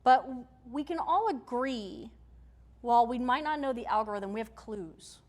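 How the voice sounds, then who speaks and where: Woman workshop presenter, slightly high voice, chatty, emphatic, speaking into a mic before a room. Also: animated, normal speed. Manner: conversational, emphatic, checks in with the audience. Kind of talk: live technical-community workshop talk. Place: meetup room with audience. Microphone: handheld or stage mic.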